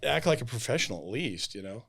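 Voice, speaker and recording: A man chats casually on a podcast, retelling run-ins from his sales work with lively energy. He often jumps into exaggerated voices to quote the people he meets. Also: mid-range voice, fast talker, creaky, husky. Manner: animated storyteller acting out quotes. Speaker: roofing salesman, podcast host.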